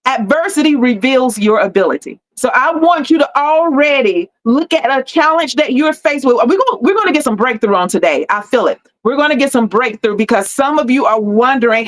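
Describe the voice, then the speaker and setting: Higher-pitched woman giving a motivational talk. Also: lively intonation, a little fast, hardly any pauses. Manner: preachy, repeats key lines for emphasis; faith-forward encouragement. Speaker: host and life coach.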